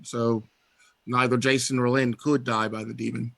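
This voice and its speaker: Brief: male gamer, halting delivery, lots of ums. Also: mid-range voice, flat delivery, gravelly, dry recording. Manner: halting, many fillers. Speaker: player. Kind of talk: casual game chat.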